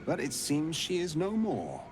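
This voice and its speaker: A man's voice: fairly high pitch, wildly swooping pitch, measured pace, slight background noise. A man voicing a proud, wandering male monster hunter in a video game, speaking in a formal, wry way. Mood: grim.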